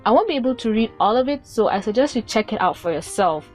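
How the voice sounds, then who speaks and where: A woman's voice: fairly high pitch, animated, fast, soft background music. A woman giving sarcastic, casual commentary for her video, swearing freely. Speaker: YouTube commentator.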